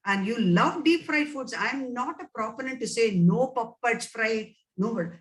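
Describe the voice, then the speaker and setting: A woman's voice: on the high side, lively intonation, unhurried, distant mic, rough recording. A woman with an Indian English accent answering webinar questions as a nutrition scientist, emphatic and advising, repeating words for stress.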